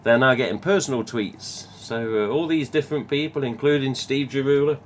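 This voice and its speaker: A man's voice: mid-range voice, brisk, slight background noise. A man with an English Midlands accent hosting a live stream, chatting casually and reading viewer comments, rambling and swearing now and then. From England.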